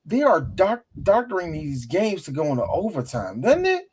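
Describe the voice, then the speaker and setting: A man co-hosting a casual sports chat show, talking with animated, profane banter. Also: high voice, normal speed, crowd noise. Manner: animated, profane, mock voices. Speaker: podcast co-host.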